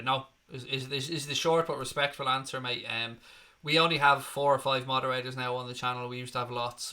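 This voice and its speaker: A man's voice: mid-range voice, sharp tone. A man hosting a football fan channel, reading viewer comments aloud and answering them in a blunt, sweary, chatty way. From Northern Ireland or Ireland. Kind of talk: casual livestream chat.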